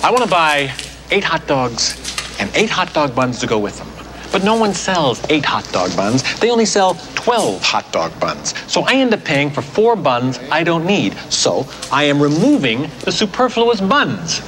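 An indignant middle-aged dad. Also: male voice, on the high side, huge pitch swings, normal speed, background noise. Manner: indignant, sarcastic ranting. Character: exasperated middle-aged father ranting at shop staff. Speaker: shopper in a film scene. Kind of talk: comedic film acting.

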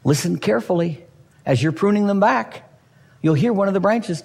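A man's voice: sits high, lively intonation, moderate pace, creaky, a little mellow, breathy edge, long reverb tail. A man preaching a sermon with humor and energy, acting out the voices of Bible figures as he explains the scripture. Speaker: pastor.

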